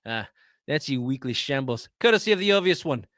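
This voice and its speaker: A man putting on a wobbly mock Scottish accent to voice a crude, foul-mouthed sports ranter in a loud comic rant. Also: mid-range voice, big pitch swings, brisk, no echo, clean studio sound. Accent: mock Scottish, drifting Irish and French.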